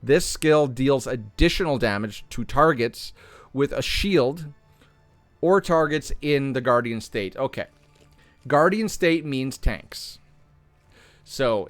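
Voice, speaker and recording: Hoarse man thinking aloud over patch notes. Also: medium pitch, no echo. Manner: thinks aloud, restarts and self-corrects. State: slightly hoarse. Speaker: gaming content creator. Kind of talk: reading and discussing game patch notes.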